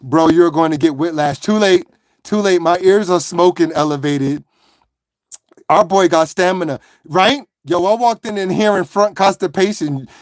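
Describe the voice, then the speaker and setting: A man with a notably high speaking voice hosts a loose, joking live stream. He greets viewers one by one, laughs often and clowns around between shout-outs. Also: normal speed, no room sound, studio quality. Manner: playful, animated, laughing, greeting chat. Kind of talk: casual live-stream chat.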